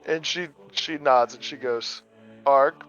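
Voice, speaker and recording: A man's voice: mid-range voice, slow pace, a bit bright. Man game master, dull lo-fi audio. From American Midwest. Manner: loose, rambling narration with fillers. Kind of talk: narrating a tabletop game. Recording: dull lo-fi audio, faint music.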